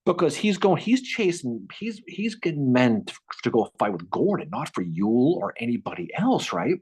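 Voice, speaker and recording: A man co-hosting a casual history podcast, telling the story with lively restarts and repeated words. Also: medium pitch, normal speed, breathy edge. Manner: animated, repeats words while thinking, acts out quotes. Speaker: podcast co-host.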